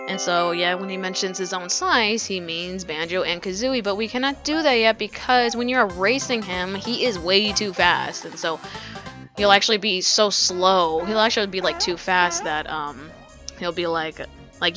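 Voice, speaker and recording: A woman's voice: lowish voice, normal speed, music in the background. Rambling casual woman gamer. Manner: rambling, filler-heavy, swears casually. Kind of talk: casual let's play commentary.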